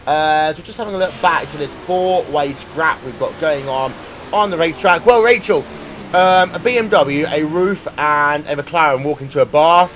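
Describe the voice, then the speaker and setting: A man doing live sim racing commentary, brisk and jokey, on a headset mic. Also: on the high side, a bit bright, slight background noise. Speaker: race commentator.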